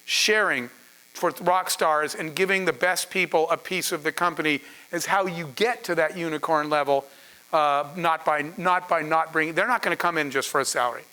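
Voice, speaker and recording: A man's voice: a little high, normal speed, bright, forceful tone, smooth. A man, a startup founder, telling a story to an audience in an earnest, conversational way with asides to the crowd. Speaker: startup founder speaking on a panel.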